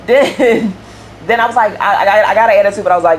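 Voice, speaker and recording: A woman's voice: medium pitch, a little fast, slight background noise. A young woman chatting casually while building in a game, telling a rambling story full of fillers and laughs. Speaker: game streamer building a house. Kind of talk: casual chat while playing.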